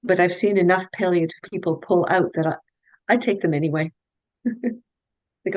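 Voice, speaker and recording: A middle-aged woman with a lowish voice talks through patient cases in an earnest, anecdotal interview style. She often restarts mid-sentence. The sound is dry and close, with little room. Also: fairly even intonation, normal speed, no room sound, poor audio. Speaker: guest health practitioner. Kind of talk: conversational interview storytelling.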